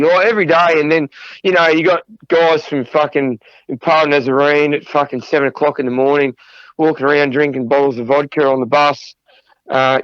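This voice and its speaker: A middle-aged man recounts wild tour stories, swearing freely and laughing, his voice sitting a little higher than most men's. The sound is dry and close, with a dull, muffled lo-fi edge. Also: fairly bright tone, no room sound. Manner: profane, laughing anecdotes. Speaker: podcast guest, drummer. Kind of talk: casual storytelling interview.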